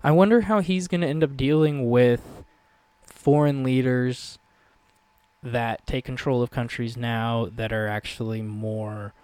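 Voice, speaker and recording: A man's voice: mid-range voice, measured pace, darkish tone, smooth, dry recording. A man co-hosting a podcast in casual chat, rambling and swearing, often laughing. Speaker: podcast co-host.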